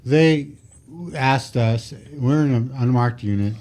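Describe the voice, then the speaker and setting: A man's voice: mid-range voice, slow pace. A man, a retired police officer, telling stories animatedly and acting out what people said, on a podcast microphone. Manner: animated, acts out quotes, self-described particular. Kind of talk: casual storytelling.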